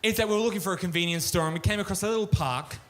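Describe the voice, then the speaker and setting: A man's voice: high voice, very fast. A man doing a crude, ranting stand-up routine at a pub show, swearing freely. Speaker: stand-up comedian. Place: pub stage, live show.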